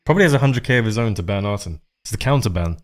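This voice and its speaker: A man's voice: fairly low pitch, expressive, very fast. A man streaming a game live, chatting casually and rambling, with frequent swearing.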